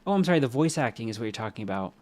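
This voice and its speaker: A man's voice: medium pitch, animated, rapid-fire. A man streaming a video game, rambling casually, answering chat, and making jokey asides, with a stuffy nose from allergies. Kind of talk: casual live-stream chat while playing.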